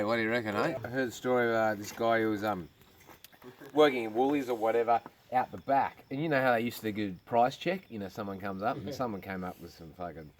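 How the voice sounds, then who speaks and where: A man's voice: fairly low pitch, slight background noise. A man with an Australian accent, a comedian telling crude stories in casual chat on a farm, swearing constantly. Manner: crude, swearing yarn-spinner. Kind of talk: casual storytelling. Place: outdoors on a farm.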